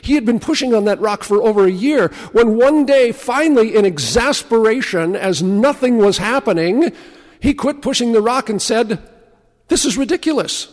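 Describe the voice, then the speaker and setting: A man preaching a sermon, telling stories and slowing to a hush on key words. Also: very high voice, expressive, big-room sound. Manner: storytelling preacher, slows and drops to a hush for emphasis. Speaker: pastor.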